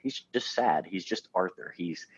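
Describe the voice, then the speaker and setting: A man's voice: deep voice, animated, unhurried, breathy edge, no echo. A man co-hosting a podcast, talking through a film in a loose, meandering way with lots of fillers. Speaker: podcast co-host. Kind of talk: casual film discussion. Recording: dull, lo-fi podcast audio.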